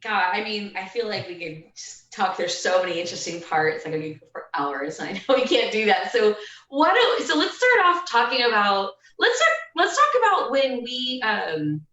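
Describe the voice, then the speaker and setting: A woman's voice: mid-range voice, very animated, normal speed, pushed and bright. A woman interviewing a guest in a chatty, casual way, steering the conversation. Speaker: interviewer and trainer. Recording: echoey, distant, dull sound.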